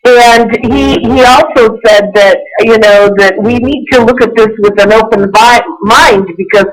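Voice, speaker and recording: A woman's voice: a little high, measured pace, rough recording. Chatty older woman, rambling and emphatic. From US East Coast. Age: 60s. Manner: rambling, emphatic, repeats herself. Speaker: guest UFO researcher. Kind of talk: interview conversation.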